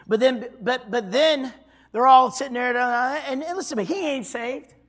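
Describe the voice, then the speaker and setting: A man preaching a sermon as pastor, telling a story and swinging from loud declarations to hushed tones. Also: very high-pitched, moderate pace.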